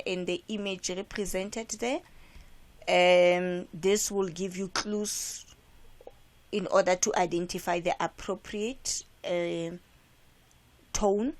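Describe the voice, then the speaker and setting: A woman with a South African accent, an English teacher explaining how to answer comprehension questions and checking in with "right?". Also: medium pitch. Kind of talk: classroom lesson explaining exam questions.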